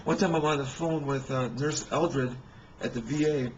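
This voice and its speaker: A man telling rambling personal stories in a halting way, with many restarts and fillers. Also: mid-range voice, fairly even intonation, lo-fi sound, slight background noise.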